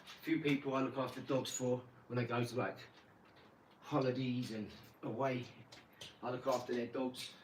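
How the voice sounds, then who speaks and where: A man chatting casually about his dogs, jumping into animated bits whenever he acts out a scene. His voice sits at an ordinary middle pitch. He is recorded a little off-mic in an echoey room, with clear background noise. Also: normal speed, long pauses, distant mic. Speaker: vlogger. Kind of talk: casual rambling storytelling.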